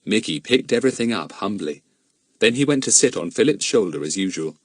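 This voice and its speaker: Male audiobook narrator, husky, very animated delivery, dry sound. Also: fairly low pitch, fairly quick, no room sound. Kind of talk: scripted narration.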